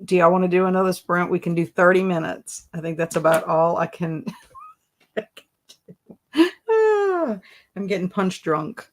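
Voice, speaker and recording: A woman's voice: fairly low pitch, animated, moderate pace, long pauses. A woman hosting a casual live stream, reading chat comments aloud and breaking into laughing fits. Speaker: livestream host.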